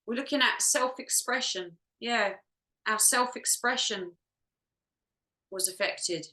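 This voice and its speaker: Bright-voiced woman guiding a healing session. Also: a little high, slow, roomy sound, rough recording. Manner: soft, musing, talks to herself while checking. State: close to tears. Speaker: energy healer.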